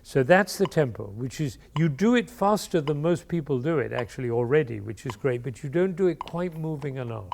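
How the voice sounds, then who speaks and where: A man leading a music masterclass, expressive and playful, singing phrases aloud to show how they should go. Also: a little high, brisk, creaky, hardly any pauses. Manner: playful asides. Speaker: music teacher leading an interpretation class. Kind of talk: masterclass coaching.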